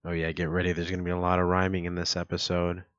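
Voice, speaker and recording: A man with a lowish voice talks through a solo podcast episode, explaining eagerly and sounding out examples. The recording is dull and lo-fi and completely dry, with no room sound. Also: completely flat delivery, fast talker, a bit bright, clear, resonant tone, no echo. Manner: explanatory, enthusiastic, demonstrates words aloud. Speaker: podcast host.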